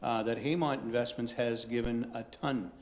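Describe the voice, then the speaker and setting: A man's voice: mid-range voice, fairly even intonation, normal speed. A man chairing a town council meeting, polite but firm, with stammering restarts. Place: council chamber. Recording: long reverb of a council chamber.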